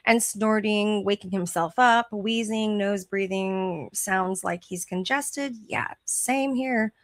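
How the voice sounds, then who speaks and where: A woman's voice: medium pitch, a bit bright, no echo. A woman hosting her show, reading online posts aloud in casual chat, chatty and gushing and laughing often. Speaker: podcast host.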